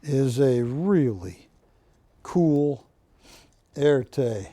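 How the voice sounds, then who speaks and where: Jokey man pitching items on live TV. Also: lively intonation, drawn-out words, mellow, no echo. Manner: jokey, chatty salesman banter. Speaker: shopping channel host. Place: TV studio.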